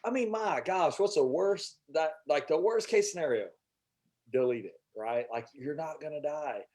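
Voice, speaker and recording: A man hosting a sales workshop, giving a casual, energetic motivational talk full of restarts and little jokes. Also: on the high side, normal speed. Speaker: workshop host.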